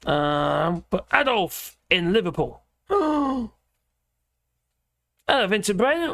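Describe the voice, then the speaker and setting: Man, livestream host, high bouncy voice, chatty and opinionated, dry close sound. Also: sing-song, takes it slowly, vocal fry, pauses often, a bit bright, dry recording. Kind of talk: casual livestream chat reading viewer comments.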